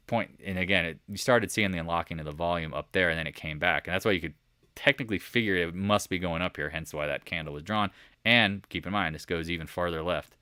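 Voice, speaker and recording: A low-voiced man with a twang runs a live market chat, talking straight at his viewers. He is animated and quick to toss rhetorical questions at the chat. The sound is close and dry, with no room around it. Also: smooth, no echo. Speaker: market commentary host. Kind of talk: live stock chart commentary.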